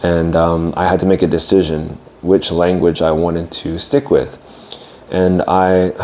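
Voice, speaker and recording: Young male teacher, low mellow voice, reflective casual storytelling with frequent hesitations. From United States. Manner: reflective, hesitant with fillers and restarts. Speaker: English teacher.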